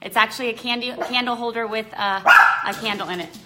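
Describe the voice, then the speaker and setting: A woman's voice: a little high, fast, heavy background noise. A woman hosting a live online session, talking in a bubbly, effusive and earnest way. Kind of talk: casual livestream talk.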